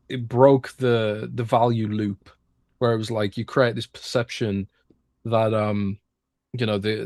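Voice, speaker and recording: A man's voice: fairly low pitch, darkish tone, no echo, studio quality. A British man, a gaming reporter, talking casually on a podcast and often restarting his sentences. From Britain. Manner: hesitant, many restarts.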